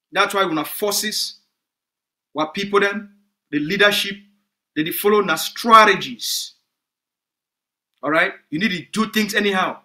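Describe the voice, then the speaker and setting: A man's voice: sits high, bright, forceful tone. A man with a Cameroonian Pidgin English accent, giving an emphatic, repetitive political address to supporters as a movement spokesman.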